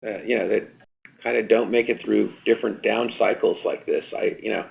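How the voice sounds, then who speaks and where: A man with a deep, gravelly rasp fields analysts' questions on an earnings call. He drives his points home by repeating them and tossing in "right?" as he goes. The audio comes through a thin, tinny phone line. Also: fairly even intonation, fairly quick. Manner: repetitive, emphatic, tag questions. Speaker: company executive answering analysts.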